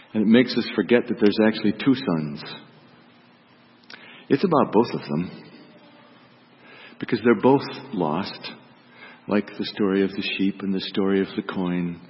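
A man's voice: fairly low pitch, unhurried, long pauses, big-room sound, dull audio, slight background noise. A man reading a gospel story aloud as a priest and then preaching on it, voicing its characters dramatically.

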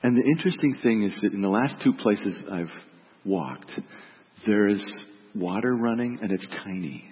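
A middle-aged male pastor delivers a quiet, reflective sermon, often letting his voice fall soft on key words. His voice sits on the low side. The recording is dull and lo-fi, with a long reverb tail from a church sanctuary. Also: animated, moderate pace.

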